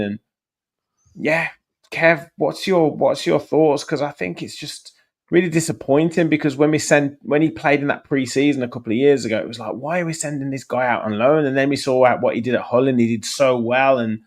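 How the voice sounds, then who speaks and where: Man, podcast host, middle pitch, casual football talk, reads viewer comments. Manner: reads out viewer comments, then hands over to panelists.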